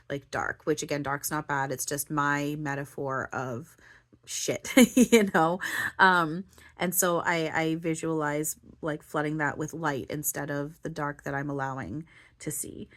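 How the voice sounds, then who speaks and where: Low-voiced woman rambling about her feelings. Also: a bit bright. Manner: rambling, full of "like" and "you know", restarts often. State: near tears, voice breaking. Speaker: spiritual channeler and vlogger. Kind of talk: rambling personal monologue.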